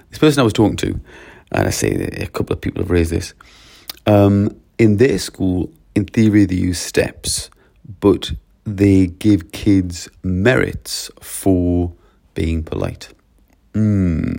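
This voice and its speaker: A man's voice: low voice, gravelly, darkish tone. A man, a school leader talking in a casual solo podcast, chatty and anecdotal. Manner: chatty, anecdotal, acts out short exchanges.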